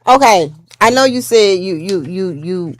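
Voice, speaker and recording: A woman asks interview questions in a casual, halting way. She repeats words as she feels her way into each question. Her pitch sits in a middle range. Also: lively intonation, dry recording.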